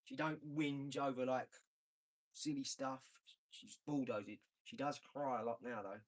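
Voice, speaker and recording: A man, hosting a casual live stream, brash and boastful, with slang and swearing, swinging from loud outbursts to low mumbling. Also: steady tone, unhurried. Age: 40s.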